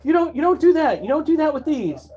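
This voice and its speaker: Guy doing his big bro, high squeaky voice, urgent, kinda scolding. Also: very animated, fast talker, dark tone, slight background noise. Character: older brother, worried and firm.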